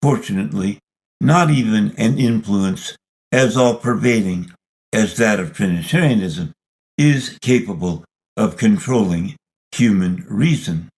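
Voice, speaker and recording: Man, lowish voice, scripted narration, deliberate, argumentative. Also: expressive, a little mellow, husky, low-quality recording. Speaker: video series narrator.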